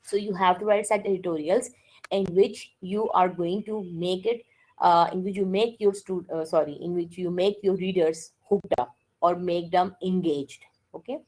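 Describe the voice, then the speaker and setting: A woman's voice: fairly low pitch, steady tone, normal speed, dark tone, poor audio. A woman giving a classroom lecture, mixing languages and often checking with "okay?". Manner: code-switches and keeps checking with "okay?".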